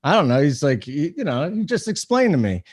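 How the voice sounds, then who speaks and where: A man's voice: fairly high pitch, very animated, brisk, a little mellow. A man hosting a casual sports podcast, laid-back and teasing as he runs the segments. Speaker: host.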